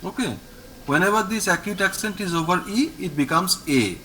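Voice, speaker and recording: A high, bright male voice with an Indian English accent, taking his time and repeating every word for a student. He talks in a lively, rising-and-falling way over a video call, with faint background noise. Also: low-quality recording. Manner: patient, repeats each word slowly for the student. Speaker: French teacher. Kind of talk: online language lesson.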